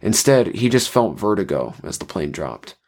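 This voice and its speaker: A man narrating a scripted horror story in a measured way. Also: low-pitched, big pitch swings, a little mellow.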